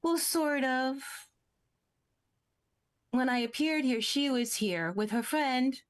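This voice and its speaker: A woman game master voicing Lala, a tiny shy golden winged creature with a trunk, chattering in a chirpy, halting way. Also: high-pitched, pitched above the performer's own voice. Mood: timid chatter. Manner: chirpy, halting, eager to please.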